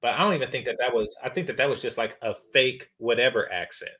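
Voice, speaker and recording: A man's voice: medium pitch, fast, pushed and bright, slightly rough. Blunt rambling male commentator. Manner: blunt, rambling, frequent fillers. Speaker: commentary channel host. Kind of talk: casual reaction commentary.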